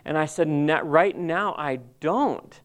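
Man telling an emotional story, smooth voice. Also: fairly high pitch. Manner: halting, emotional storytelling with many restarts. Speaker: Bible college staff member. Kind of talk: personal testimony talk.

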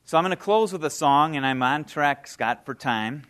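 A man's voice: on the high side, animated, normal speed, fairly bright tone. A man in his fifties giving a personal testimony to an audience, earnest and heartfelt, telling his story in plain conversational speech. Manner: plain conversational phrasing with fillers. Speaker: guest speaker.

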